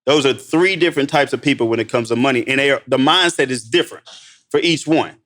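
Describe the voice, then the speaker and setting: An excited man telling stories on a podcast, calling his host "bro" again and again. He acts out what others said in a sudden higher voice, then drops back to an everyday pitch. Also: fast talker. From Missouri, United States. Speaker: guest entrepreneur. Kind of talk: animated podcast storytelling.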